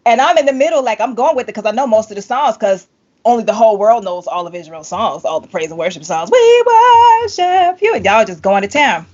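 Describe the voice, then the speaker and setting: Woman, casual podcast chat, animated storyteller, slightly muffled sound. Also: fast. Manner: animated storyteller, acts out quotes with big pitch jumps, laughs often. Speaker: podcast host, vocal coach.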